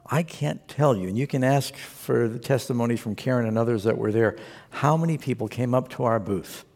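A man's voice: mid-range voice, fairly quick, darkish tone. A man preaching a sermon as a pastor, telling stories earnestly and exhorting the congregation. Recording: long reverb of a large hall.

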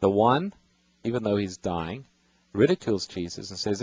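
Radio bible host, male, husky voice, patient explainer. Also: on the low side, big pitch swings, moderate pace, darkish tone, dry recording, low-quality recording. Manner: patient, explanatory, reads verses aloud. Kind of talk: explaining scripture to callers.

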